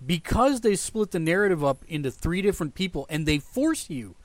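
A man co-hosting a podcast in casual, excitable chat, often repeating himself. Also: high voice, brisk, a crowd in the background. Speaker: podcast co-host.

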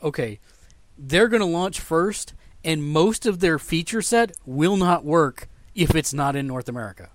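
A man's voice: a little high, animated, measured pace, no room sound. A man co-hosting a casual gaming podcast, laying out his argument step by step. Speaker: podcast co-host.

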